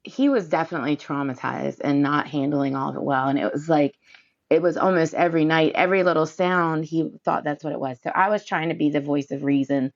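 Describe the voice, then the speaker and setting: Woman guest, very low and gravelly voice, calm and measured, dull dry audio. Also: no room sound. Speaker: guest, girlfriend of the other guest. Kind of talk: casual conversation.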